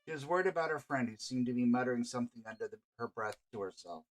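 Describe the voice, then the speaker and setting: A man's voice: medium pitch, quick pace, soft background music. Man narrating his own visual novel. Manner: stops to chat and laugh between narration. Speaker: game master and visual novel creator. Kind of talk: reading a visual novel aloud.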